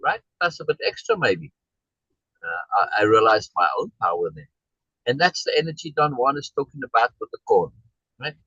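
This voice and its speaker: A man's voice: mid-range voice, big pitch swings, moderate pace, sharp tone, breathy edge, no room sound, lo-fi sound. A man leading a group discussion, telling a personal story in a casual, rambling way, with many restarts and a habit of asking "right?". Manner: acts out quoted exchanges in a raised voice.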